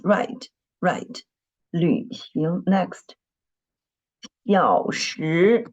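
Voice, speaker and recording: A woman leads an online dictation lesson, speaking patiently, repeating words and often clearing her throat. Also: on the low side, a little mellow, rough recording. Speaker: Mandarin teacher.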